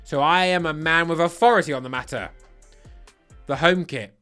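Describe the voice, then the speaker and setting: A man's voice: fairly high pitch, normal speed, bright, forceful tone, clean tone, soft background music. A man giving casual, playful ranking commentary on football kits, giddy and self-mocking, often stuttering and restarting. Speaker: football kit reviewer.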